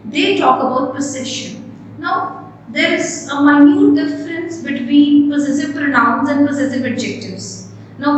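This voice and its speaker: Echoey high-voiced woman teaching grammar. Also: a bit bright, distant mic, slight background noise. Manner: slow, deliberate, stressing example words. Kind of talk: explanatory grammar lesson.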